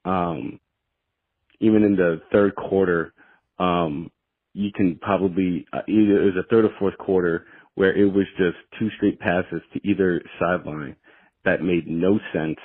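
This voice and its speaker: Deep-voiced tired caller on phone line. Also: male voice, fairly even intonation, a little slow, no room sound. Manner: easygoing, with frequent fillers. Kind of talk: call-in to a sports show.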